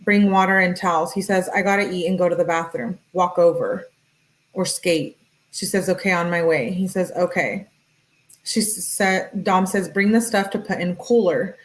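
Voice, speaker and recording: Brisk woman reading texts aloud. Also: lowish voice. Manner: brisk, matter-of-fact reading, tagging each message with he says or she says; talks directly to viewers in chat. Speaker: true-crime commentator. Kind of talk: reading text messages aloud with commentary.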